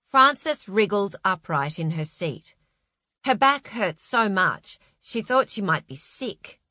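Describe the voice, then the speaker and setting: This scripted audiobook narration comes from a woman with a mid-range voice who tells the story in a measured, expressive style. The studio sound is clean, with no echo.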